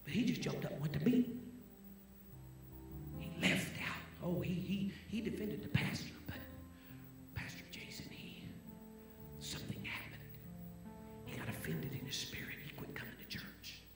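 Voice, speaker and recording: A man preaching a sermon in a church, swinging between loud preaching and hushed, near-whispered storytelling. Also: high-pitched, very animated, moderate pace, long pauses. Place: church sanctuary. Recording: roomy church echo with music.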